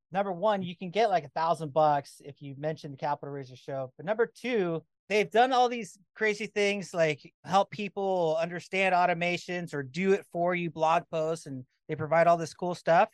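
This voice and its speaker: A podcast host talking in a casual, fast, chatty way, often saying "dude". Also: medium pitch, no echo.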